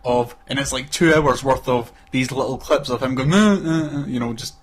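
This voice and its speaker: A man's voice: mid-range voice, fairly even intonation, normal speed, husky. A man in casual chat as a podcast co-host, laughing often and acting out voices in his stories. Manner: laughing, acts out quoted voices.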